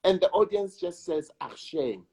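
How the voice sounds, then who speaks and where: South african guy talking slow, kinda husky, repeats himself to hammer a point. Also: high-pitched, expressive, dark tone. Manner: slow, emphatic, repeats words for weight. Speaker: actor and director, interview guest. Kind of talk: reflective conversation.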